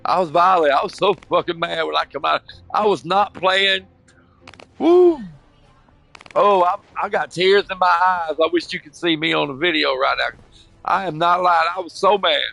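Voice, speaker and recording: A man's voice: fairly high pitch, vocal fry, pushed and bright. An older man telling a long, rambling, emotional story in casual chat, swearing often and saying "bro" and "you know what I mean" again and again. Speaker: gamer chatting on voice chat.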